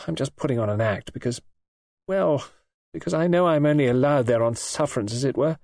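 A man's voice: mid-range voice, fairly quick, vocal fry, a little mellow, no room sound, voice pushed up, lightly acted. A man reading an audiobook and voicing a petulant, spoiled young wife in a coaxing, sulky, lightly raised voice. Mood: resentful.

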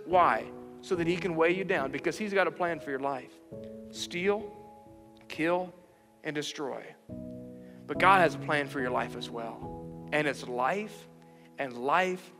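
A high-pitched male pastor delivers an earnest, encouraging sermon, leaning on repeated phrases to press each point. His voice rings with a long hall reverb, and soft instrumental music plays underneath. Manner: earnest and encouraging, with emphatic repetition. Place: church livestream.

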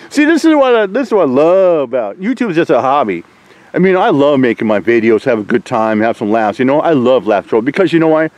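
Taunting, swearing man with lively pitch. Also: a little fast, dry recording, poor audio. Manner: taunting, combative, swearing, mocking laughs. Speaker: YouTuber ranting at trolls. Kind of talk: profane rant to camera.

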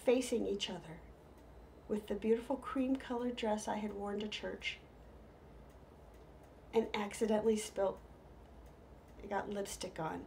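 A middle-aged woman telling humorous stories, lively, with hushed whispered asides. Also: medium pitch, a little slow, creaky, long pauses, slight background noise. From United States. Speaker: storyteller. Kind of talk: humorous stage storytelling.

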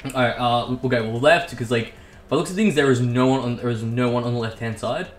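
A man giving excitable, casual commentary as he plays a game, swearing and talking to himself. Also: medium pitch, a little fast. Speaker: gaming YouTuber. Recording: echoey room with faint background hiss.

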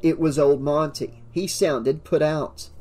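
A man narrating an audiobook in a steady, measured reading. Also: a little high, faint music behind.

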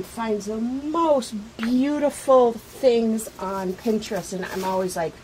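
A woman unboxing a package on her craft vlog, gushing with excitement and many fillers. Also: medium pitch, background noise. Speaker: craft vlogger.

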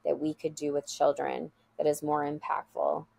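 Brief: woman school leader guest, lowish gravelly voice, earnest and heartfelt storyteller. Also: monotone, moderate pace, a little mellow. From USA. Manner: earnest, heartfelt anecdote-telling. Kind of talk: conversational interview storytelling.

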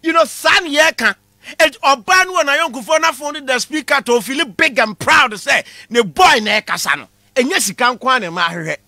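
A man with a Ghanaian accent giving a comic lecture in a lively way, shouting out his punchlines. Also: very high voice, moderate pace, no room sound, studio quality. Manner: animated, shouting punchlines, mixing Twi with English. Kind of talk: comedy class monologue.

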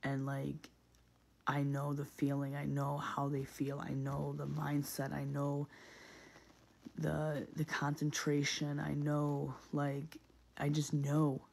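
A man's voice: a little high, completely flat delivery, slow, gravelly, a little mellow, a little hiss or hum. A man in a casual, reflective monologue, speaking earnestly and often repeating himself with many fillers.

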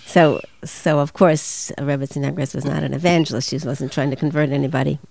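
Earnest older woman, slightly gravelly. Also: sits low, steady tone, a little fast, a little mellow, a little hiss or hum. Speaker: guest. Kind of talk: personal storytelling in an interview.

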